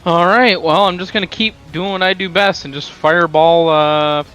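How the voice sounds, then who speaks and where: A man playing a tabletop game, joking and playful, quick to laugh with the table. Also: high voice, fairly even intonation, a bit bright, faint music behind, rough recording. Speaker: player. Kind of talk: casual game table chat.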